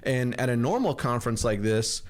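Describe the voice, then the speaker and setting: A man's voice: medium pitch, animated, moderate pace. A man hosting a podcast in casual chat, joking and rambling in a friendly way. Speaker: podcast host. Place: home office in kitchen.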